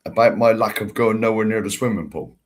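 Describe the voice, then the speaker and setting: A man's voice: on the low side, a little fast. A man co-hosting a casual chat show, telling blunt stories and laughing at himself. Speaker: podcast co-host.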